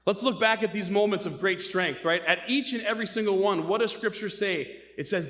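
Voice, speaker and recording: A man's voice: high voice, brisk, hardly any pauses, a bit bright. A middle-aged man preaching a sermon, telling stories animatedly and asking rhetorical questions. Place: church. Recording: long church hall reverb.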